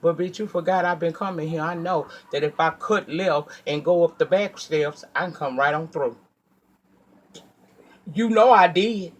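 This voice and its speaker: A man vlogger tells a personal story in a casual storytime monologue, animated and profane as he acts out his own heated outbursts. When he reflects, he drops to a quiet, earnest tone. His voice is mid-range at a normal speed.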